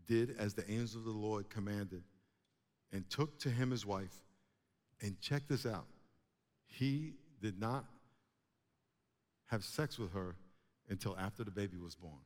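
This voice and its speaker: A man preaching a sermon to a congregation, animated, with emphatic rising bursts. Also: fairly low pitch, measured pace, pauses often. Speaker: pastor. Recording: long hall reverb.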